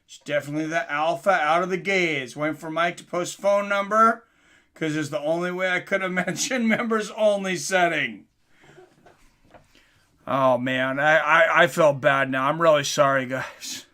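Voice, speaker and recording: Guy calling a fight live on stream, high bright voice, gets hyped. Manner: excitable, rises to yelling at big moments.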